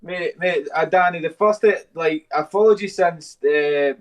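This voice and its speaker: A man's voice: fairly high pitch, a little slow. A man, a guest's boyfriend, talking in a hesitant, mumbling way.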